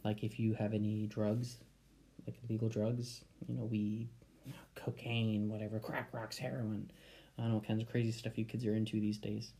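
A man's voice: lowish voice, level tone, moderate pace, mellow. A man hosting his own podcast, rambling casually and laughing at himself as he drifts off topic. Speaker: podcast host. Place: home in Japan.

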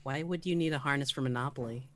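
A woman's voice: rumbling low, quick pace, heavy background noise. A woman playing in a casual tabletop game. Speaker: player.

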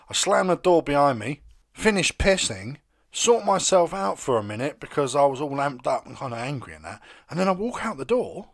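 Sweary British man telling a story. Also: on the high side. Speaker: podcast co-host. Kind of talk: casual chat.

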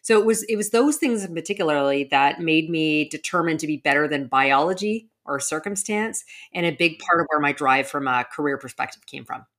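A woman with a low, deep voice speaks as a guest in a podcast interview. She is middle-aged and talks in an earnest, reflective way, often restarting her sentences as she works through her story. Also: expressive, a little fast, hardly any pauses, a bit bright. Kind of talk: interview conversation.

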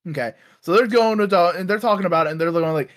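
A man casually recapping comic storylines, acting out characters in quick bits and swearing freely. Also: sits high, a bit bright. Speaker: podcast co-host recapping comics. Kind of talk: casual chat.

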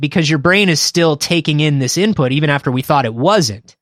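A man co-hosting a podcast, chatting casually and thinking out loud with hedges and fillers. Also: on the high side, brisk, no echo, clean studio sound. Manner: thinks aloud, hedging with fillers. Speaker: podcast co-host. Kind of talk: casual chat.

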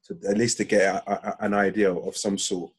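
A man speaks on a podcast in a halting way, restarting and repeating words. His voice is low and husky. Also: level tone. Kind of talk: casual podcast chat.

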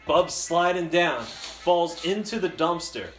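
A young man telling a long, animated story casually, laughing and swearing along the way. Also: on the high side, slow pace, faint music behind. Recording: roomy echo.

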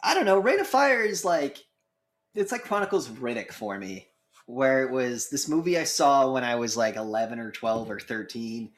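A man's voice: mid-range voice, animated, moderate pace. A tipsy man co-hosting a movie review podcast, rambling and swearing as he laughs through casual chat. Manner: rambling, profane, laughing often. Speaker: podcast co-host.

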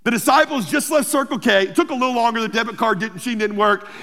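A pastor preaching a sermon, telling the story in a humorous, lively way with playful asides. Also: male voice, very high voice, fast talker. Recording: long hall reverb.

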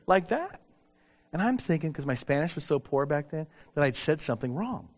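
Animated middle-aged man preaching a sermon. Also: fairly high pitch, normal speed. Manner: animated, acts out dialogue, self-deprecating humor. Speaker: pastor. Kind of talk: sermon storytelling.

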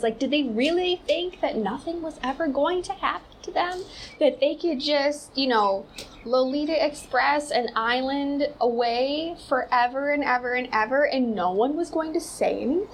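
A woman's voice: high-pitched, moderate pace, slight background noise, low-quality recording. A woman hosting a casual commentary show, rambling and sarcastic, full of "like" fillers. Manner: rambling, sarcastic, heavy use of "like".

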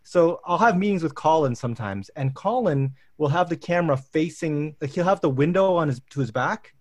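A man in his thirties hosts a casual chat and tells lively, wandering stories about work and family life, often stopping and restarting mid-sentence. His voice sits a little high for a man. The sound is very dry and close, with no room echo. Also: a little fast. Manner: animated, rambling anecdotes with restarts. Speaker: professor and host.

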